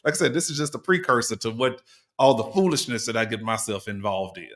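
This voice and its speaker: A man's voice: medium pitch, quick pace, a bit bright. A man co-hosting a podcast, talking in easygoing casual slang. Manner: easygoing, laid-back slang. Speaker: podcast co-host.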